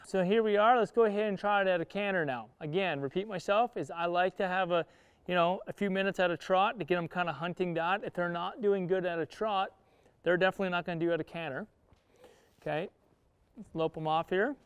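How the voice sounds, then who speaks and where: A man with a fairly high, smooth voice gives a riding lesson from the saddle, explaining each step in plain cowboy speech. He breaks off to coach his horse with short calls, and the sound is dry and close. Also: a little fast, dry recording. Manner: talks while riding, coaching the horse and viewers; plain-spoken cowboy talk. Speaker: horse trainer. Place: outdoor riding arena.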